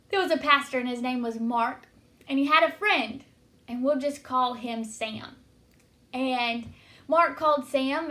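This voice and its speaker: A woman's voice: sits high, pushed and bright. A woman giving an earnest devotional teaching, telling stories to encourage listeners. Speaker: Christian teacher.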